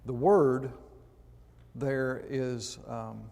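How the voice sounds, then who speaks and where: A man's voice: mid-range voice, fairly even intonation, slow, creaky, warm tone. A man preaching a sermon in a church, reading scripture and adding conversational asides. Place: church auditorium. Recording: long reverb in a church hall.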